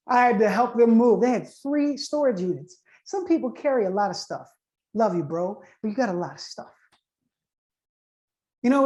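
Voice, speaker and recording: High-voiced man telling a personal story. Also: a little mellow. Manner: conversational, builds suspense with questions to listeners. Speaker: storyteller speaking to an online audience.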